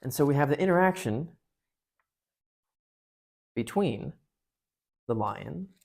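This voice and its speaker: A man's voice: on the high side, animated, slow, vocal fry, darkish tone. A man at a parish retelling a novel and reading from it aloud, in a chatty, joking way. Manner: chatty, jokey, many fillers. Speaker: parish speaker.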